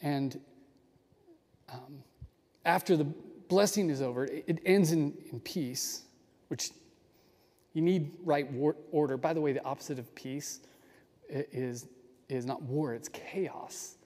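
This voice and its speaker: A man preaches with earnest, nerdy enthusiasm, often circling back to restart a phrase. His voice sits a little high but has a mellow tone. The sound carries a long reverb, like a large sanctuary. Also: a little slow, long pauses. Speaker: pastor. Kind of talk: sermon.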